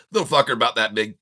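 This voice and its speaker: Man, trading channel host, rambling joke teller, bright forceful voice, casual delivery. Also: lowish voice. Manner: rambling storyteller, laughs at own jokes. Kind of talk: casual joke-telling and market commentary.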